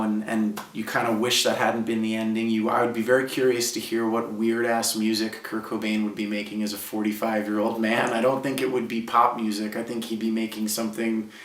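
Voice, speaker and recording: Speaking on the low side, this thirtysomething musician from Brooklyn, New York reflects on his life as a guest. His storytelling is casual and sincere, heavy on "like," and he sits away from the mic in a roomy-sounding space.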